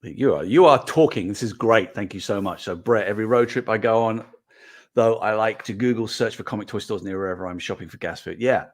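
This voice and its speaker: Chatty middle-aged man, lowish voice. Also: fairly quick. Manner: animated, rambling storyteller. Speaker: host. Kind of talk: casual livestream chat reading comments.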